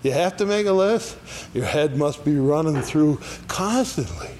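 A man's voice: a little high, lively intonation, moderate pace, darkish tone, slight background noise. A man teaching an adult Sunday school Bible lesson in a church classroom, folksy, often checking in with "all right?". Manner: folksy, asks "all right?" after each point.

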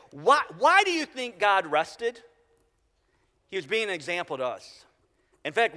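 A middle-aged man preaching a sermon as pastor, conversational with halting restarts, dropping to quiet repeated phrases. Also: high voice. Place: church sanctuary. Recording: long reverb of a large hall.

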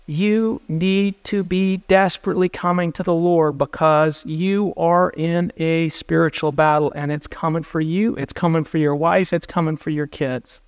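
A man's voice: fairly high pitch, steady tone, moderate pace, hardly any pauses, clean tone, no room sound. A man preaching a sermon as pastor, earnest and urgent as he exhorts his listeners.

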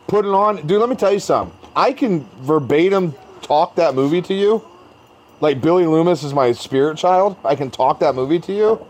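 Animated, swearing male podcast co-host. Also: a little high, a little fast. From American Midwest. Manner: animated storyteller, acts out his own quotes, swears freely. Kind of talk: casual chat.

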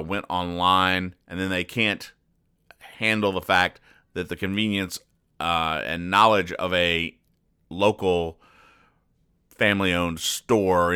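A man hosting a comedy podcast, reading newspaper comics aloud and explaining the jokes in a rambling, deadpan way. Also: deep voice, clear, resonant tone. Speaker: podcast host.

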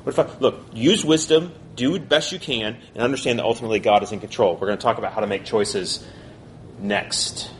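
A man teaching a college Bible class, talking quickly and conversationally and putting questions to his listeners. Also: lowish voice, a little hiss or hum.

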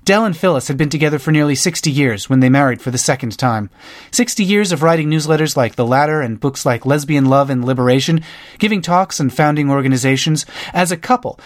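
Man reading a nonfiction audiobook. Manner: voices quoted speakers with lifted pitch. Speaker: audiobook narrator. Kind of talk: scripted narration.

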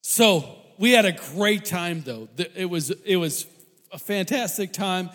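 A man telling a funny personal story to an audience, animated and laughing often mid-sentence. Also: high-pitched, unhurried, big-room sound.

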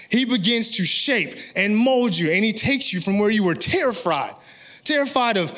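A male pastor preaching a sermon in an energetic, conversational way, often checking in with his listeners. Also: sits high.

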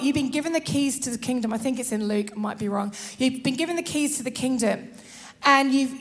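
High-voiced woman preaching animatedly. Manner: animated, laughs often, acts out little scenes. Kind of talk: sermon.

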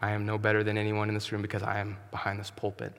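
A man's voice: fairly low pitch, monotone, rapid-fire, a little hiss or hum. Earnest male pastor preaching in a hall. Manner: earnest, emphatic preaching with soft drops. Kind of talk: sermon. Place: church sanctuary.

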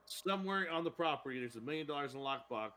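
A man's voice: fairly high pitch, animated, quick pace, bright, forceful tone. A man in casual podcast chat, rambling and cursing as he retells a TV episode. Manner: rambling, profane, laughs while retelling. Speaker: podcast co-host.

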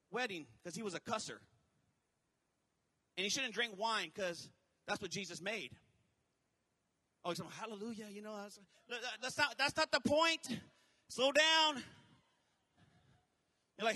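A man preaching as a pastor, animated, with shouted peaks and quick quoted asides. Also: high voice. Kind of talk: sermon. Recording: long hall reverb.

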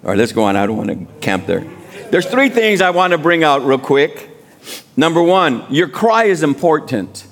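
A man preaching a sermon as guest speaker in a church, building to shouted appeals and call-and-response. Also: on the high side, sing-song, moderate pace.

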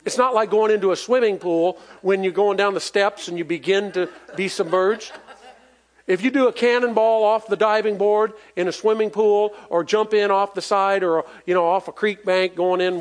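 A male preacher with a high voice gives a folksy, emphatic sermon at normal speed with fairly even intonation. He pulls the congregation into call-and-response and chuckles between points.

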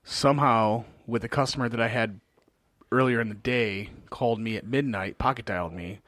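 A man's voice: mid-range voice, normal speed, a bit bright, dry recording. Man telling a wry story. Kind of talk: casual chat.

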